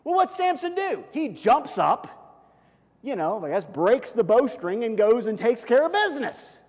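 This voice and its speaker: A man's voice: very high-pitched, very animated, unhurried, a little mellow, in a large hall. A middle-aged male pastor preaching a sermon in a conversational, self-deprecating storytelling manner.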